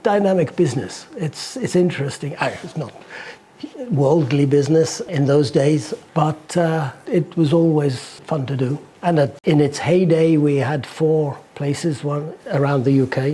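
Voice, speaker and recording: A man in his sixties from England, recalling his life in an interview, rambling and halting with restarts. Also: on the high side, warm tone, a little hiss or hum. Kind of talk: casual recollection.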